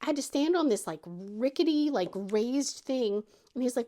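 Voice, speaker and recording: A middle-aged woman hosting a craft channel chats casually while telling a story, voicing quoted lines in a squeaky high voice. She speaks expressively at a moderate pace with a mellow tone.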